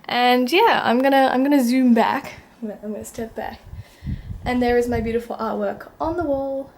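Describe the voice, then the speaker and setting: A woman's voice: a little high, normal speed, a little mellow, a little hiss or hum. A young woman chatting casually to the camera in her bedroom, giggly and self-deprecating, tripping over words and laughing at herself. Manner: bubbly, giggly and self-deprecating, with frequent slips and restarts. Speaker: book vlogger. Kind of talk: casual vlog chat.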